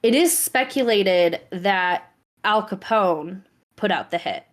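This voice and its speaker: Slow-talking woman telling a story on a podcast. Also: medium pitch, lively intonation. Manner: measured, explaining from her research. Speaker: podcast co-host presenting the story. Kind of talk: casual storytelling chat.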